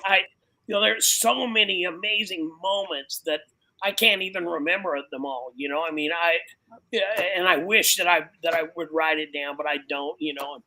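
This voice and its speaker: A man's voice: a little high, normal speed, sharp tone, rough recording. A man, a biker pastor and podcast guest, giving a casual testimony in a loose, preachy way, dropping "man" and "you know" throughout.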